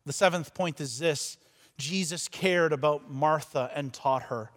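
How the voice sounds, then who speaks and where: A man preaching a sermon as pastor, repeating words as he stumbles, swinging between loud and soft passages. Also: a little high, a little slow. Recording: long reverb of a large church hall.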